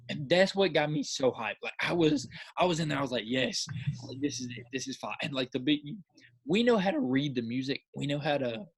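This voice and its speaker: A man co-hosting a podcast, chatting casually and excitedly, rambling with lots of filler and acting out his own reactions. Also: on the high side. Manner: repeats filler words. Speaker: podcast co-host. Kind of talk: casual chat.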